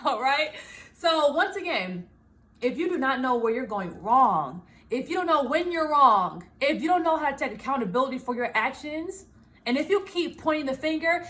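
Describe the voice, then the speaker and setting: Woman, high voice, casual vlog talk, lively and laughing, plays out her inner thoughts. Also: normal speed. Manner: animated, laughing, acts out her own inner voice. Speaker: small business owner and vlogger. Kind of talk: casual self-help talk to camera.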